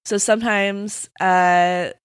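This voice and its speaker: A woman podcast co-host casually retelling folk stories in a relaxed, sleepy way, with many fillers. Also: medium pitch, slow, smooth, no room sound, studio quality. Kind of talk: casual storytelling chat.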